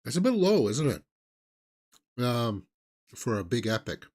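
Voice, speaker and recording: A man's voice: medium pitch, sing-song, unhurried, a little mellow. Guy hosting a movie news stream, chatty and opinionated, lots of ums and restarts. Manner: rambling, opinionated, with many fillers and restarts; sarcastic, mocking impressions of celebrities. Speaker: movie news show host. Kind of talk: casual live-stream chat.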